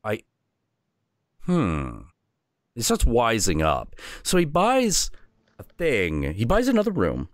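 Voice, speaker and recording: A man hosting a stream, telling a folk tale in a casual, crude, animated way. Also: medium pitch, a little slow, no room sound, clean studio sound. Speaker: streamer host.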